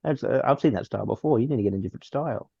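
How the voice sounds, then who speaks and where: Guy with a gravelly voice rambling about a movie, lots of restarts, dull dry lo-fi sound. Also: medium pitch, rapid-fire, a little mellow, no room sound. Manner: rambling with many restarts and laughs. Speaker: podcast co-host. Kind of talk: casual film review chat.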